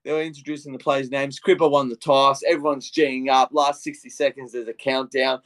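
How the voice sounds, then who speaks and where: A young adult man with an Australian accent, a podcast co-host telling a long, animated story, swinging between muttering and loud outbursts. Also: medium pitch, a little fast. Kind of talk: casual podcast rant.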